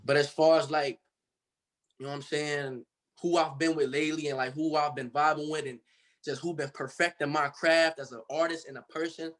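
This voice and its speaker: A man's voice: a little high, level tone, moderate pace. A young man from Cincinnati, Ohio, telling his story as a guest in a casual interview, in a loose, slangy way full of fillers. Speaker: guest artist.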